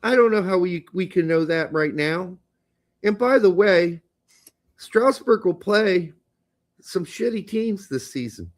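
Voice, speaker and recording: A man's voice: high voice, animated, a little slow. A man co-hosting a soccer podcast, speaking bluntly with casual swearing and joking asides. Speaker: podcast co-host.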